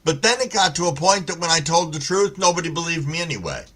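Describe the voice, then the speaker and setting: A man's voice: on the high side, sing-song, quick pace, a bit bright, husky. A man hosting a casual live stream, telling stories in a laid-back way with lots of swearing and greeting viewers by name. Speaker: livestream host reading chat.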